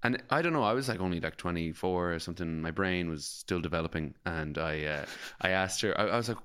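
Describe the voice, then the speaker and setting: A man's voice: sits low, a little fast, fairly bright tone, smooth. An Irish man from Galway, co-hosting a podcast and telling a rambling story in casual chat, full of fillers and swearing. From Ireland, Galway. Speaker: podcast co-host.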